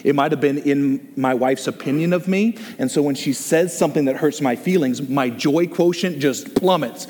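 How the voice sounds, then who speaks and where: Excitable preacher man in a reverberant hall. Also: a little high, normal speed, few pauses. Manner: excitable, exclaims and jokes, reads listener comments aloud. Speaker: pastor leading a group discussion. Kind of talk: animated preaching.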